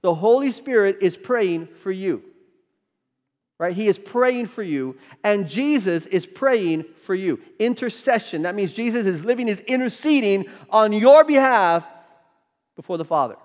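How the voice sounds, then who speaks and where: Male pastor, sermon, fairly high voice, emphatic delivery, rhetorical questions to the congregation, long church reverb. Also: animated, unhurried. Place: church sanctuary.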